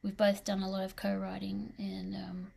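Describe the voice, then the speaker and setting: A middle-aged woman in a band, soft-spoken and dry-humoured, her sentences often trailing off. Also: mid-range voice, monotone, normal speed, creaky, slightly rough. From Australia. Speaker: band member. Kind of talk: casual interview answers.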